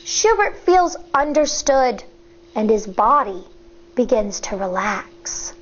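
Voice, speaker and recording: A woman's voice: on the high side, very animated, takes it slowly. A woman teacher reading a children's book aloud expressively and asking the young listeners questions. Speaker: elementary school teacher. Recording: dull lo-fi recording.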